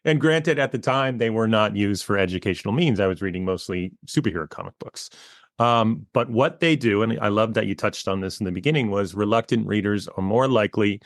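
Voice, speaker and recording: Man in his forties, lowish voice, dry close mic, casual rambling interview talk, lots of fillers. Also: brisk, dry recording. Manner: relaxed, rambling, with many fillers. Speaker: guest, educational comic author. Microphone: close podcast mic.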